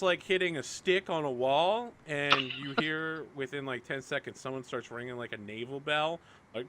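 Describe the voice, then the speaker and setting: A man's voice: a little high, normal speed, a bit bright. A man running a live-streamed tabletop game as game master, narrating casually with lots of "like". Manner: casual, chatty, lots of fillers like "like".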